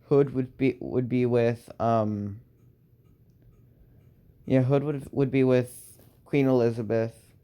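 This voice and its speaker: Young guy making up a fan story as he goes; slow, hesitant delivery, mellow smooth tone. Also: mid-range voice, steady tone. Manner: halting, many restarts and fillers, sighs. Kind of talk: improvised fan story narration.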